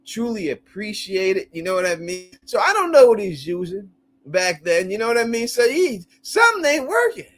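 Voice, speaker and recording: Excitable high-voiced male host. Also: moderate pace. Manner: animated, laughs often, crude slang. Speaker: live-stream host. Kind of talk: casual call-in chat.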